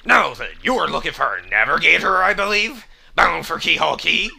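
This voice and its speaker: A man voicing an old male sailor bob-omb and widower, speaking softly and mournfully. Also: on the high side, very animated, fairly quick, gravelly, slightly rough, faint music behind, pitched above the performer's own voice, full character voice. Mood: hearty. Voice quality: soft, hushed and mournful.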